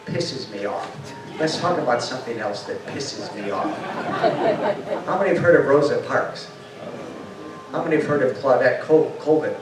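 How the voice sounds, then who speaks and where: An older man with a mid-pitched voice tells stories to an audience, bringing the people in them to life and putting questions to the room. He sounds far from the microphone, and his voice rings around a very echoey hall with a faint hum behind it. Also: moderate pace, pauses often. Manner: lively storyteller who acts out quotes and asks the audience questions. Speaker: speaker giving a talk. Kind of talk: storytelling lecture.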